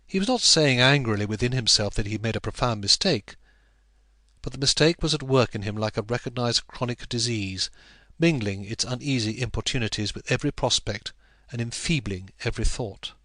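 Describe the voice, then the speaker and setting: A man reads a classic novel aloud like an audiobook narrator, with a measured, even storytelling delivery. His pitch sits in the middle, and there's no echo.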